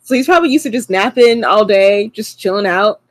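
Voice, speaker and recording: A woman's voice: medium pitch, expressive, brisk, no room sound. A woman co-hosting a casual book-club chat, playful and slangy in how she talks. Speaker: co-host.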